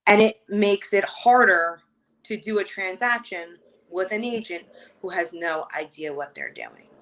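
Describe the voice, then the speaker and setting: Animated New woman telling stories. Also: mid-range voice, unhurried, rough recording. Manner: animated storytelling, exasperated asides. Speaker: real estate agent, guest. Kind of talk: casual interview talk.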